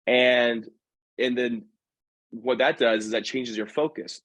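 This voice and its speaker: Animated male podcast guest, dry sound. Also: medium pitch, dry recording, dull audio. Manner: animated, acts out quoted voices, quick self-corrections. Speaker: guest, professional dancer. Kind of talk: casual storytelling in a podcast conversation.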